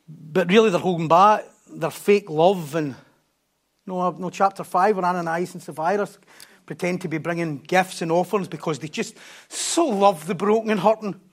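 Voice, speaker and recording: A man preaching a sermon in a lively way, dropping jokey asides and swinging between hushed and loud delivery. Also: fairly high pitch.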